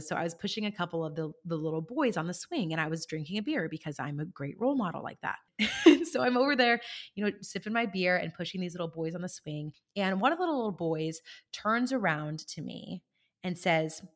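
A woman hosting a podcast, talking listeners through a coaching idea in a casual, animated way and checking in with them as she goes. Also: fairly low pitch. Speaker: podcast host and life coach. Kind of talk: conversational coaching monologue.

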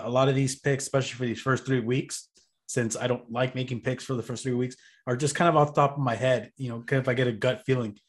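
A man co-hosting a casual sports betting chat, laid-back and rambling as he explains his reasoning. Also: medium pitch. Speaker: podcast co-host.

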